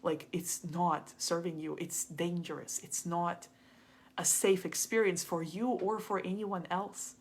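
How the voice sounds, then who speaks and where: A woman's voice: lowish voice, fairly even intonation, measured pace. A woman quoting her blunt, probing friend. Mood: stern. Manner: direct, probing questions. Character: blunt female friend giving hard advice.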